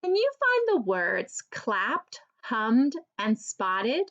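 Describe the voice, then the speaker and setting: A woman teacher giving an early reading lesson for children, slowly and clearly sounding out each word. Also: a little high, huge pitch swings, a bit bright, muffled recording.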